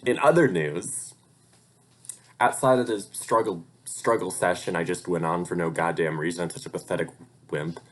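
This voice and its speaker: A man's voice: sits low, normal speed, fairly bright tone, a little hiss or hum. A young man talking in a casual, rambling vlog update, swearing freely and getting heated when he vents. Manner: rambling and profane, gets heated when venting. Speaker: vlogger and hobby voice actor. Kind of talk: casual life-update rant.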